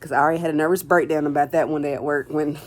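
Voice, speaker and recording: A woman vlogger rambles casually through a personal story, packing her speech with "like" and "um" and acting out conversations as quotes. Her voice sits low and steady, a little mellow, and comes out rapid-fire.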